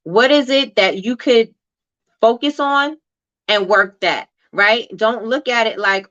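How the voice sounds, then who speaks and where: A woman's voice: a little high, a little slow, a bit bright, dry recording, muffled recording. A woman hosting a casual motivational talk, reading viewer comments aloud and chatting with many fillers and tag questions. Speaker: host.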